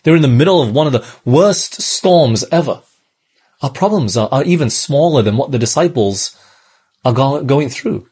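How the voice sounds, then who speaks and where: Husky-voiced male preacher. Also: medium pitch, animated, moderate pace, a little mellow. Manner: earnest, repeats phrases, asks the congregation rhetorical questions. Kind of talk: sermon.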